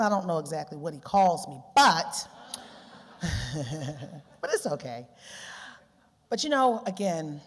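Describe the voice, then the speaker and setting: A woman from Baltimore giving an animated conference speech, laughing often and repeating phrases for effect. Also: sits low. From Baltimore, USA. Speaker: keynote speaker, journalist. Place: large conference hall. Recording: long hall reverb.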